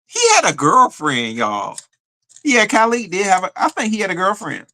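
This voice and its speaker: A man hosting a live stream, telling a story in a chatty, animated way and answering viewer comments. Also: sits high, moderate pace. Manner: animated storytelling, addresses viewers as y'all, frequent fillers. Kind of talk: casual live stream chat reading comments.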